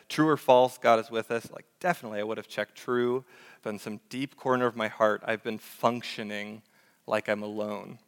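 A man's voice: on the low side, clear, resonant tone, long reverb tail. A young man preaching a sermon as pastor, earnest and conversational, with fillers and self-corrections.

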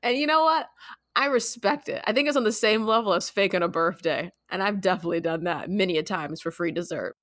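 A woman hosts a casual podcast, giggly and excitable as she talks. The sound is dry and close to the mic. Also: fairly low pitch, brisk, no echo. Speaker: podcast host. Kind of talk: casual chat.

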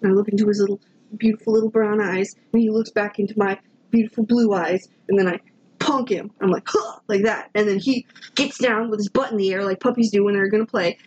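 A woman co-hosting a casual chat, playful and animated as she tells stories. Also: medium pitch, fast, husky, muffled recording. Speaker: podcast co-host.

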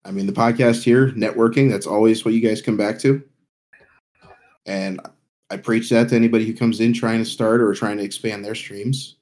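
A man's voice: on the low side, steady tone, normal speed, a little mellow. A man talking plainly as a guest on a casual streaming podcast.

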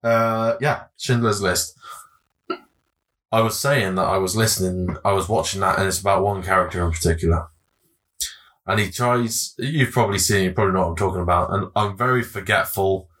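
Sweary rambling man, bright voice. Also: low voice, normal speed. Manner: rambling, forgetful, sweary, laughs a lot. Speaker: podcast co-host. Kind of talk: casual chat.

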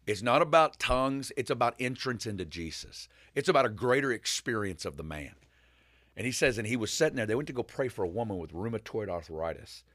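A man talking about faith in a relaxed conversation, his pitch rising and falling as he tells a story. He rambles, stops and starts again. The sound is close and dry, with no room echo. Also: fairly quick. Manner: animated storyteller, rambling with restarts.

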